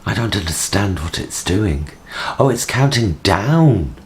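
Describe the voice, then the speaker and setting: Low-pitched and sing-song, the voice of a British man in his forties moves at a measured pace. He's vlogging in his home kitchen, chatting casually and rambling self-mockingly to camera as his vlogging camera records.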